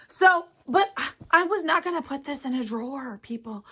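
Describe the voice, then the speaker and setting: Woman host, casual vlog chat, effusive and gushing; bright, slightly high voice. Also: normal speed, vocal fry, husky. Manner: gushing, excitable, chatty. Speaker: cross-stitch vlogger. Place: home craft studio.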